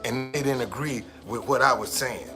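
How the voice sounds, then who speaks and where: Profane, emphatic man with bright voice. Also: medium pitch, moderate pace, faint music behind. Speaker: street musician. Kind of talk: casual monologue.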